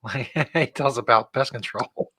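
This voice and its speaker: A man's voice: mid-range voice, measured pace, fairly bright tone, husky. A man hosting a casual show, joking dryly and chuckling often. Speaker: show host. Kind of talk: casual chat.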